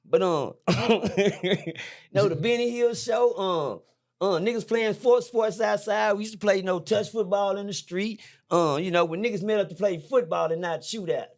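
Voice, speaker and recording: A man's voice: high-pitched, moderate pace, darkish tone. Teasing older storyteller man. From Fort Worth, Texas. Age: 50s. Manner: teasing, rambling storyteller with slang. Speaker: podcast guest storyteller. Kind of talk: casual chat. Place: indoor podcast room.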